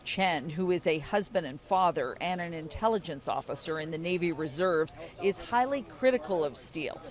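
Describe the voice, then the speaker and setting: A woman reporter giving steady, scripted news narration. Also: low voice. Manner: steady, measured delivery.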